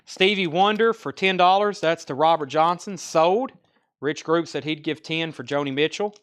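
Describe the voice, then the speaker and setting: A man's voice: a little high, normal speed, fairly bright tone, smooth. A man with a Southern US accent hosting a live online record sale, rattling off album titles and prices with chatty asides in casual sales patter.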